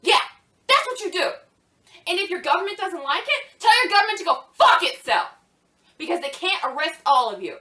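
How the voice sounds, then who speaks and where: A woman's voice: very high-pitched, sing-song, moderate pace, pushed and bright, roomy sound. A woman giving heated, profane commentary on a talk show, mocking as she rants. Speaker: podcast co-host. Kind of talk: ranting commentary.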